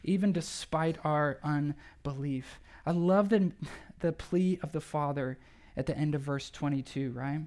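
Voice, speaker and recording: A pastor preaching a sermon to a church in a conversational, animated way, often asking rhetorical questions. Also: mid-range voice, measured pace. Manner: animated, acts out quoted speech.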